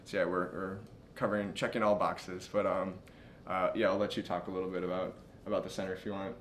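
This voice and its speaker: A young man with a very deep, low voice speaks casually and rambles, circling back on his words. A faint low rumble runs under him. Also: little pitch movement, fast talker. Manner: rambling, full of fillers and restarts. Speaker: project manager. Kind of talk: casual talk.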